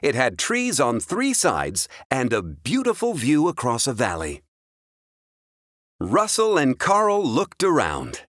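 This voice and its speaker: A man reads a children's adventure story aloud in a clear, expressive way. His pitch swings widely and animatedly, and the recording is close and completely dry. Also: slow pace, no room sound. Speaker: storybook reader.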